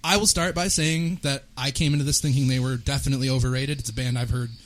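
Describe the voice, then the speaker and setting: A man's voice: mid-range voice, steady tone, fast. A man hosting a pop culture podcast in a loose, chatty way. He rambles and restarts his sentences as he talks with his co-hosts. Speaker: podcast host. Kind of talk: casual panel chat.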